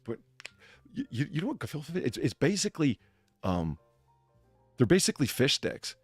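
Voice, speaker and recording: A man hosting a casual talk show rambles from thought to thought, his pitch rising and falling a lot. He stumbles through restarts and fillers, and his voice sounds close and dry. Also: sing-song, normal speed, breathy edge, no echo, faint music behind. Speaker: podcast host. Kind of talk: casual chat.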